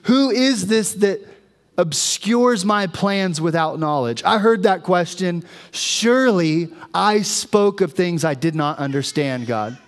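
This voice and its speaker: A man voicing Job, humbled and slowly confessing to God. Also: high voice, expressive. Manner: slow, earnest, humbled confession. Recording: long reverb of a church hall.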